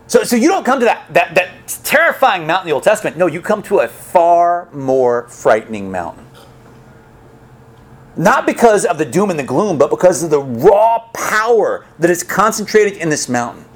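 A pastor preaches a sermon in an animated, conversational way with frequent restarts, his voice sitting high and moving fairly quickly.

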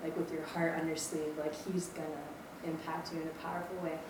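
She has a deep voice and a flat delivery, speaking fairly quickly: a twenty-something from Maui, Hawaii, on campus ministry staff. Her personal testimony is chatty and self-effacing, sprinkled with ums. The lecture room is echoey, the mic distant, and background noise is audible.

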